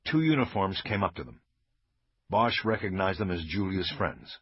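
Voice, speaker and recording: Husky, lively male audiobook narrator. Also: deep voice, moderate pace, no echo. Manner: lively, dramatic reading. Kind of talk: scripted narration. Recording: dull lo-fi audio with faint music.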